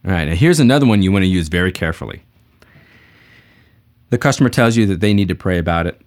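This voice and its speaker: A man's voice: low voice, animated, fast talker, pauses often, darkish tone. A man giving a folksy, conversational sales training lesson, teaching techniques through stories.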